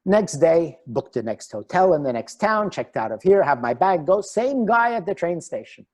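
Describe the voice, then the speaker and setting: A middle-aged man, a relationship coach, giving a webinar talk over a video call and telling animated anecdotes. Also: a little high, moderate pace. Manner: animated storyteller, chuckles at himself.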